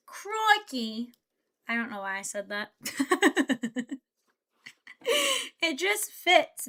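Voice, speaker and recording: A woman's voice: fairly high pitch, bright, forceful tone. A young woman VTuber chatting playfully with her live chat while she builds a Lego set. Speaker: VTuber streamer.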